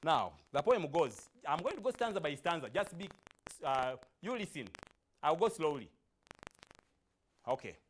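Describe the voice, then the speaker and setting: A male teacher gives a televised lesson, his voice set a little high. He swings his pitch up and down freely and hammers home key phrases. He coaxes the pupils as he goes. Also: very animated, moderate pace, pauses often, slight background noise. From Uganda. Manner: emphatic, repeats key phrases, coaxing. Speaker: primary school teacher. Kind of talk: broadcast classroom lesson.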